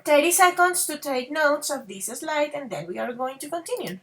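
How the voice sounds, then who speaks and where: Woman, English teacher, affectionate, halting restarts, crisp bright tone. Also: high voice, animated. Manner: affectionate, calls students babies and dears; repeats okay and halting restarts. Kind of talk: grammar lesson to students.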